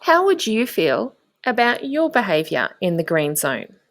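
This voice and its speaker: A woman, a primary school teacher, narrating a lesson for young children in a slow, encouraging way with clear prompts to the class. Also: medium pitch, big pitch swings, no echo, clean studio sound.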